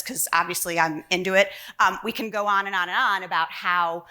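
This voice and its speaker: A woman presents from a conference stage in a bright, crisp voice. She speaks earnestly, posing rhetorical questions to the crowd as she builds her argument. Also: mid-range voice. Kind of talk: keynote presentation.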